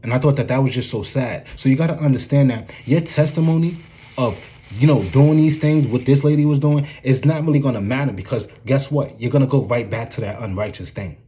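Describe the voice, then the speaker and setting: A man's voice: medium pitch, a little fast, warm tone. A man giving an informal, earnest preaching commentary, often checking in with "you dig what I'm saying".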